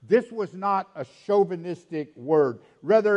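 A man preaching a sermon, repeating phrases and dropping to a hush for quoted lines. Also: sits high, moderate pace, few pauses. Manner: animated preaching, swings between loud emphasis and hushed quoted lines, repeats phrases. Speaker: pastor.

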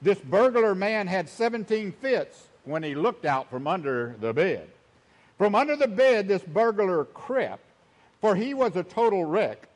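A man's voice: high voice, very animated, measured pace. A man preaching a sermon in a folksy, conversational way, often saying "you see" and "you know", and reading scripture aloud. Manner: reads scripture aloud in King James wording.

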